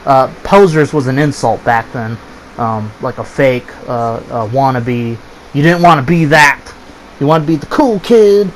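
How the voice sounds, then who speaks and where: A man in his thirties telling a story in a casual, profane, animated way, swearing freely and acting out his friends' voices. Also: mid-range voice, measured pace, a little hiss or hum, low-quality recording.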